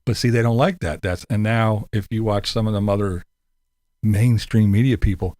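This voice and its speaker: A man's voice: lowish voice, steady tone, moderate pace, mellow, no echo. Man laughing through casual commentary. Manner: laughs through most sentences, profane, mocking. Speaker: livestream host answering chat.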